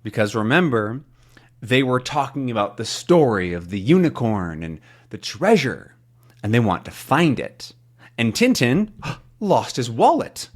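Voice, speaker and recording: A man teaching English to learners, reading a comic aloud with slow, clear explanations. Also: medium pitch, sing-song.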